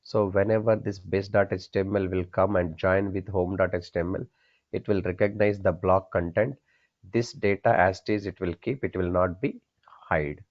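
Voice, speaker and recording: In a dull, lo-fi recording, a deep-voiced male programming instructor teaches coding in plain classroom terms at a moderate pace with fairly level intonation. He quizzes his students, then answers himself, stating each important point twice.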